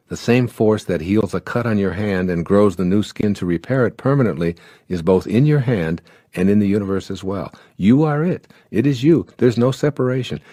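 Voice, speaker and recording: A man reading inspirational text as scripted narration, slow and solemn. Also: low voice, dark tone, slightly rough, dry recording, clean studio sound.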